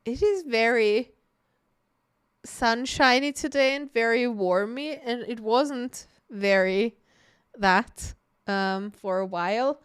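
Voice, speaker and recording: A woman co-hosts a podcast in casual conversation, laughing a lot and swearing freely. Her voice is a little high and smooth, and she takes her time; the streaming mic gives a clean studio sound with no room echo.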